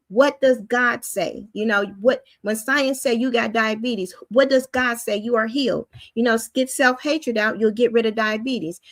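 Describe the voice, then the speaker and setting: A woman's voice: fairly high pitch, dry recording. Emphatic woman preaching, dry close sound. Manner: emphatic, repetitive, rhetorical questions. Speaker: preacher and teacher. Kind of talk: spiritual teaching livestream.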